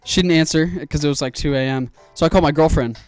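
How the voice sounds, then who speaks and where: Young male streamer, animated and profane, pitched a bit high, light music bed. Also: quick pace, clean tone, no room sound. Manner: animated, swearing, excitable storyteller. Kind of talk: casual storytelling while building a PC.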